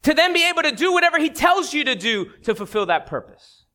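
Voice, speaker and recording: Brief: dramatic male preacher, high and bright, widely varied delivery. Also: very animated. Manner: dramatic, dropping low and slow on key phrases. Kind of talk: sermon.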